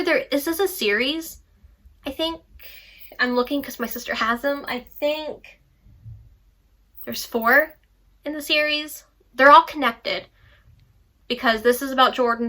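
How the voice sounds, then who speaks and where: A woman's voice: on the high side, pushed and bright. A young woman chatting casually about books she read, rambling with playful asides. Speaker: book vlogger. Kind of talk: casual book review chat.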